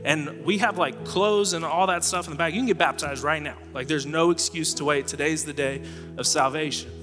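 A man's voice: steady tone, a little fast. Earnest male pastor preaching in a hall. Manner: earnest, drops low and soft at phrase ends. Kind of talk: sermon. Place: church auditorium stage. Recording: reverberant hall with faint music.

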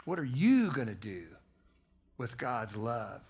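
A man preaching a sermon as pastor, repeating key phrases for emphasis and growing hushed in prayer. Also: mid-range voice, sing-song, takes it slowly, husky. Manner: preaching with emphatic repetition, dropping soft at prayer.

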